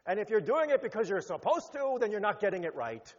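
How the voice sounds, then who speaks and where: A rabbi giving a sermon, animated, rising to emphatic peaks and then dropping low. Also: male voice, quick pace. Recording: muffled sound with long hall reverb.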